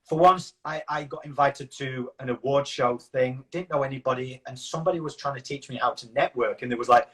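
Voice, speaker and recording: A man's voice: mid-range voice, a little fast, hardly any pauses, a bit bright. A man with a Yorkshire accent, a guest in an interview, telling rambling anecdotes in a casual way and acting out what others said. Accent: Yorkshire English. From Yorkshire, England.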